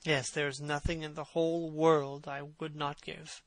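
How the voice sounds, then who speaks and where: A man's voice: a little high, level tone, normal speed, no room sound, natural voice. A man reading aloud, voicing a vain, beautiful young man in a passionate, pleading way. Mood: wistful. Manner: impassioned, pleading.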